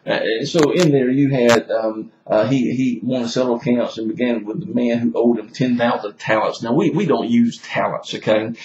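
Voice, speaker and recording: A man, a pastor teaching a Bible study in a halting way, repeating words and using many fillers. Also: medium pitch, highs cut off. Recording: echoey room with loud noise.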